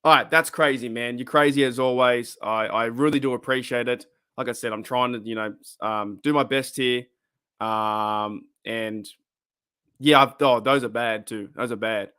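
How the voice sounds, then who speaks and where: A man's voice: mid-range voice, steady tone, normal speed, pushed and bright, clear, resonant tone. Chatty man hosting a live stream. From Australia. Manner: rambling, chatty, reacts to chat comments, laughs often. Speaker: podcast host reading live chat. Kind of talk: casual live-stream chat.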